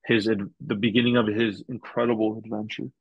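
A man's voice: on the low side, little pitch movement, brisk, husky, no echo, lo-fi sound. A man as a podcast guest on a video call, talking earnestly and thoughtfully in a casual, somewhat rambling way. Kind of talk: casual chat.

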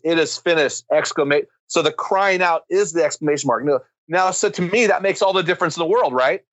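A man with a fairly high voice speaks like a preacher, driving his points home with emphatic, rising intensity. The sound is dry and close, with no room around it. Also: a bit bright, no room sound, rough recording. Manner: emphatic, builds to fervent climaxes. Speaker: guest speaker on men's ministry. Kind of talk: impassioned preaching-style storytelling.

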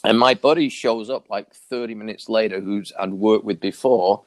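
Man, interview guest, low voice, dry close sound; animated storyteller who acts out the lines he quotes. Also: normal speed, no echo. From New York area. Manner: animated, acts out quoted dialogue with big pitch jumps. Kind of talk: casual storytelling.

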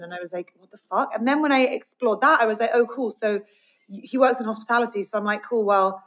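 A woman's voice: on the high side, fast, fairly bright tone, poor audio. A woman from the UK as a podcast guest in casual chat, talking openly and rambling with many fillers. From United Kingdom. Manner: rambling, open, many likes.

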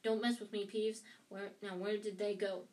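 A woman's voice: mid-range voice, little pitch movement, moderate pace, a little mellow, lightly acted. A woman voicing a grumpy old male caretaker who demands answers impatiently, recorded from a slightly distant mic.

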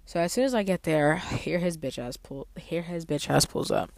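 Low-voiced woman, sassy storytime ranter, swears freely, dry close sound. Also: normal speed, creaky, dry recording. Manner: profane, blunt and sassy; animated with sudden emphatic outbursts. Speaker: valet parking attendant. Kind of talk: storytime rant.

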